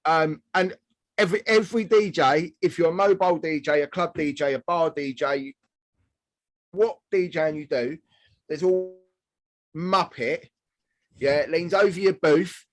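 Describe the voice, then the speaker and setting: A man talks through the difficulties of DJing, stumbling and repeating words as he goes. His voice is somewhat high for a man. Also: unhurried, long pauses, low-quality recording. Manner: hesitant, repeats words often. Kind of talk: casual podcast chat.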